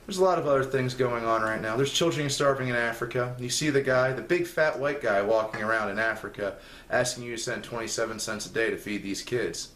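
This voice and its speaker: A man's voice: medium pitch, brisk, fairly bright tone, a little hiss or hum. A young man delivering a rambling, sarcastic comedic rant as a segment host on a spoof news show. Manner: rambling, sarcastic, ranting with rising exasperation. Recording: echoey room with faint ambience.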